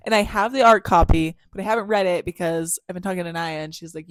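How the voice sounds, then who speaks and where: A woman's voice: on the low side, fast talker, no echo. Dry-sounding woman podcast co-host. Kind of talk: casual chat.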